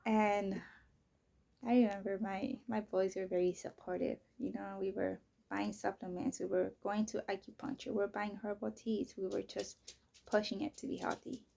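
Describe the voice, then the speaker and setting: A woman in her thirties speaks casually and bluntly, swearing often. Her voice is husky, with a gravelly edge. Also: medium pitch, flat delivery, moderate pace, dark tone. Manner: candid, heavy swearing, frequent "you know" and "like". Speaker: vlogger. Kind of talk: casual personal storytelling.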